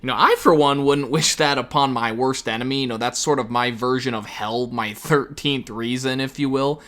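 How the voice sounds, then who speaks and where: A man delivers sarcastic reaction commentary in a bright, sharp voice. He talks in a casual, profane way, throwing in mocking asides as he reacts. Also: medium pitch, fairly even intonation, moderate pace. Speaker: commentary YouTuber.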